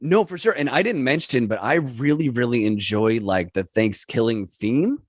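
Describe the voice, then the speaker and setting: A man hosting a podcast, casually recapping a horror movie in a halting, rambling way. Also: medium pitch, expressive, dry recording, studio quality. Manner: rambling, halting with fillers and restarts. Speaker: podcast host recapping a film.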